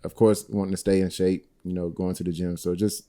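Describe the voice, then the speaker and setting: Male guest, 30s, lowish voice, laid-back conversational delivery. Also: fairly quick. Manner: easygoing, relaxed, often saying "you know what I mean". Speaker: podcast guest. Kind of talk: casual chat.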